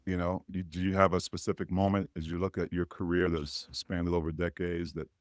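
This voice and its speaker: A man's voice: low-pitched, level tone, brisk, no room sound, studio quality. A man hosting a podcast, asking questions in an easygoing way. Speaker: podcast host. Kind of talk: interview questions.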